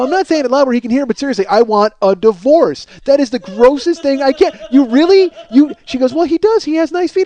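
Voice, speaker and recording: A man's voice: extremely high pitch, expressive, fast, hardly any pauses, a little mellow. A man hosting a comedy podcast, telling a profane story and acting out both sides of the conversation in a ranting manner. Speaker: podcast host.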